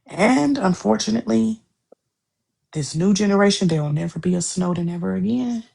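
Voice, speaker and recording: A woman's voice: medium pitch, expressive, moderate pace, creaky, warm tone, breathy edge. A woman co-hosting a podcast, talking in a heated, profane, repetitive way in casual chat. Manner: heated, profane, repeats herself.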